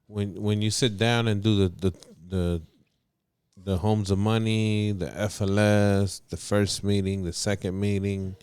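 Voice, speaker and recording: A man co-hosting a podcast, chatting casually in a relaxed way with hesitant fillers. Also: on the low side, a little slow, smooth, dry recording. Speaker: podcast co-host.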